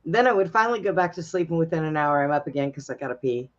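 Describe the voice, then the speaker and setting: A woman's voice: deep voice, lively intonation, rapid-fire, highs cut off. A woman co-hosting a talk show, exhausted from no sleep, complaining wryly. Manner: weary, wry complaining. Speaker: co-host.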